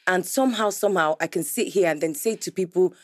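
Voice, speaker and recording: A woman's voice: on the low side, no room sound, clean studio sound. Reflective woman podcast host. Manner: reflective, measured, drops softer on key points. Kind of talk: casual podcast chat.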